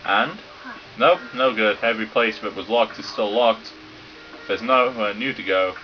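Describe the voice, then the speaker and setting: A British man reading game dialogue aloud and joking and swearing through a let's play. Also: fairly low pitch. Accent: British English. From Britain. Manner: sweary, joking, does quick silly voices for characters. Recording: dull lo-fi sound with game music behind. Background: game music.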